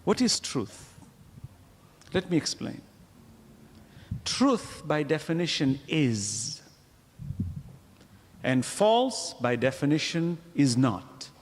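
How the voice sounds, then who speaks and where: A man giving a religious lecture to a congregation, asking rhetorical questions and pausing for emphasis. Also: fairly high pitch, in a large hall. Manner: animated, wide-ranging delivery. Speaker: Islamic lecturer.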